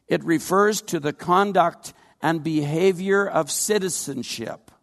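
Older man preaching in a reverberant hall. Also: fairly high pitch. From Canada. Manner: earnest, folksy preaching with personal stories. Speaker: pastor. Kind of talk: sermon.

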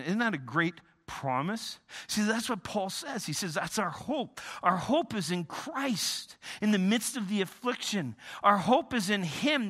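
A man preaching a sermon, emphatic, often repeating and restarting words, swinging between loud emphasis and quiet lows. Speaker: pastor.

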